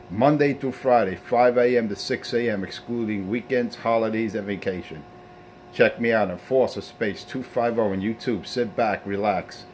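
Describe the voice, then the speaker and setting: A man's voice: on the low side, a little mellow, a little hiss or hum. A man hosting his own CB radio show, taunting rivals and preaching in a boastful way. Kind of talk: trash-talking radio sign-off.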